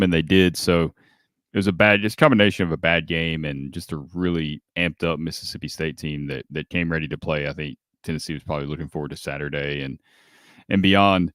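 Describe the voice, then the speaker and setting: A man co-hosting a sports podcast, giving measured, explanatory analysis in casual talk. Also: extremely low pitch, fairly even intonation, a bit bright, dry recording, clean studio sound. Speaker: podcast co-host.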